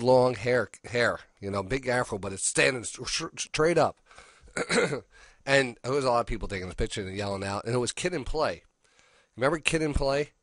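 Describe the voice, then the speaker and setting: A man's voice: medium pitch, a bit bright, no echo, clean studio sound. A middle-aged man hosting a radio show, telling a rambling personal story full of restarts and quoted dialogue. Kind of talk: casual storytelling.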